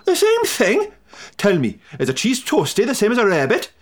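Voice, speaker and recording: A man's voice: sits high, very animated, quick pace. A man voicing a pompous old male tennis umpire with a Welsh accent, huffy and indignant.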